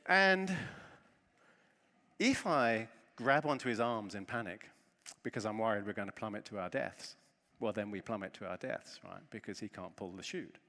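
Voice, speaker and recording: A man giving a conference talk, telling a self-deprecating story with lively humor from the stage. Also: lowish voice, moderate pace. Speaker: conference speaker. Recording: long reverb of a large hall.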